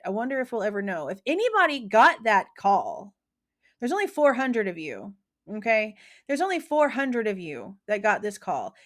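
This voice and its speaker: A woman hosting true crime commentary, talking casually in a slangy, emphatic, opinionated way. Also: on the high side.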